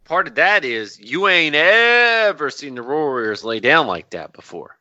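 A man co-hosting a casual podcast, talking loosely and excitedly, swearing freely. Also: fairly high pitch, measured pace, no echo, muffled recording. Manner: loose, profane, excited banter. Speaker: podcast co-host.

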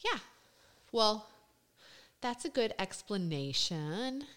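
A woman's voice: mid-range voice, big pitch swings, slow pace, fairly bright tone, clear, resonant tone. A woman in her thirties hosting a casual podcast conversation, explaining things candidly and swearing freely. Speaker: podcast host.

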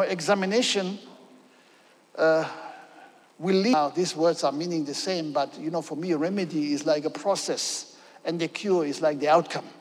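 A man preaches emphatically, with a fairly high voice. He keeps checking in with his listeners. The sound rings with a long hall reverb. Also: a little mellow. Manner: emphatic, often checks in with "okay?". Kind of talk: sermon.

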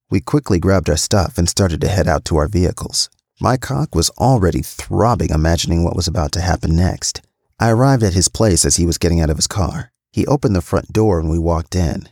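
A man with a very low voice reads a first-person story aloud. His delivery is steady and matter-of-fact. The recording is dry and close. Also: brisk, vocal fry, no room sound. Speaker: podcast storyteller.

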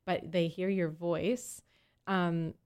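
A woman in her thirties, an actor, guesting on a podcast in an animated way that breaks easily into laughter. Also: lowish voice, takes it slowly, smooth. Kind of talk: casual interview chat.

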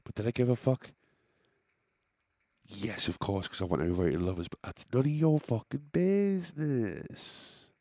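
A man's voice: mid-range voice, animated, moderate pace, warm tone, no room sound, studio quality. A young man, a musician, telling a rambling, self-deprecating story in casual monologue.

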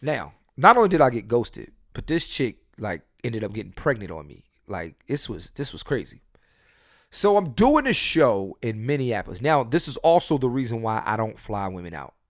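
A man hosting a podcast, telling his dating stories in a casual, profane way and swinging between loud and soft. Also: medium pitch, sing-song, moderate pace, no room sound, clean studio sound. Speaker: podcast host. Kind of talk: casual storytelling chat.

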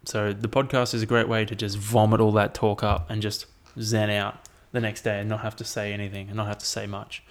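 A young man talks on his solo podcast in an easy, rambling way. His voice sits slightly low, and he drifts from story to story with casual swearing. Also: flat delivery, a little fast, few pauses. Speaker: podcast host.

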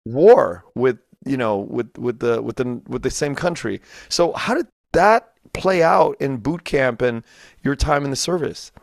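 A man's voice: medium pitch, animated, creaky, no echo. Man interviewer with a dry, close sound. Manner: halting, restarts phrases. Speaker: podcast host. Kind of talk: interview questions.

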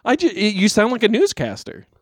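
A man hosting a casual comedy interview, eager, apologetic and quick to laugh. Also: sits high, huge pitch swings, breathy edge, dry recording, clean studio sound. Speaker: interview host.

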